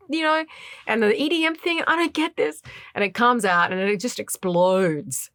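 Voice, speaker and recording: A woman guest in a casual interview, telling a story in an animated way, acting out the other people's voices and laughing often. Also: fairly high pitch, moderate pace, no echo. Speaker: singer-songwriter guest.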